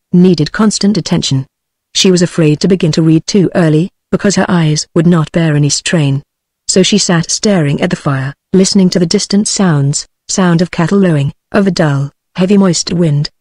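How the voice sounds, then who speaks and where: A text-to-speech voice of a woman with a British English accent, reading a novel aloud in an even, measured way. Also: lowish voice, dry recording, clean studio sound. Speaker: audiobook narrator.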